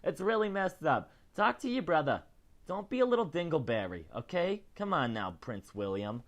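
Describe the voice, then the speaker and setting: A man hosting a casual celebrity news show, chatty and animated, often tagging his lines with "okay?". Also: a little high, normal speed. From not British. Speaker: host.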